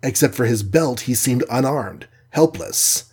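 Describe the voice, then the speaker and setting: A man narrating a children's adventure audiobook in a steady, measured reading voice. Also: mid-range voice, husky. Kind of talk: scripted storybook narration.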